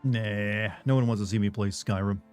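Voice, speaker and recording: A man's voice: on the low side, fairly even intonation, normal speed, a little mellow, soft background music. A man streaming a video game, chatting casually with viewers in a rambling, filler-heavy way with frequent swearing. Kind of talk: casual live stream chat.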